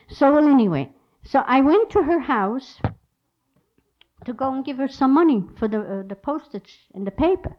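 A woman giving a conversational personal testimony, animated, acting out the dialogue she quotes. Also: high voice, normal speed. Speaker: storyteller recounting personal faith experience. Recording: dull lo-fi recording.

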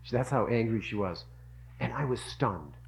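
A man's voice: lowish voice, lively intonation, moderate pace, gravelly, a little hiss or hum, low-quality recording. Earnest man giving a devotional talk. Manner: earnest, storytelling, repeats for emphasis. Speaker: religious speaker.

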